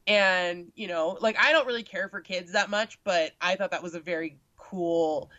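A woman's voice: lowish voice, normal speed, no room sound. Chatty young woman full of likes and ums, dry dull recording. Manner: chatty, lots of filler words, animated when quoting. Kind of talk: casual chat. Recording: dull lo-fi sound.

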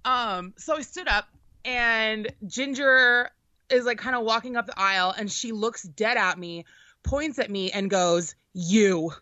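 A young woman co-hosting a podcast, telling an animated, profane story in casual chat. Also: on the high side, unhurried, dry recording. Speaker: podcast co-host. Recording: dull lo-fi sound.

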